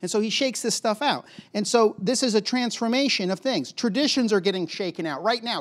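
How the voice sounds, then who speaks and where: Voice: mid-range voice, a little fast, hardly any pauses. Chatty preacher giving a casual sermon. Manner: casual and chatty, acting out quoted voices, repeats words for emphasis. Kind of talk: conversational sermon.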